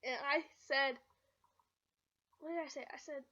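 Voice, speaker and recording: A woman's voice: high-pitched, fairly even intonation, unhurried, sharp tone. A young woman vlogging casually from her bedroom, telling rambling stories with lots of giggles. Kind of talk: casual storytelling to camera. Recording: slightly dull lo-fi home recording.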